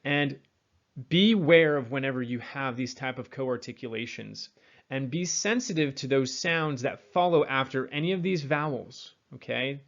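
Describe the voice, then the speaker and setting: General American man teaching pronunciation, medium pitch, slow repeated demos, mildly muffled recording. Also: a bit bright. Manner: demonstrates sounds slowly, repeats words. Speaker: accent coach.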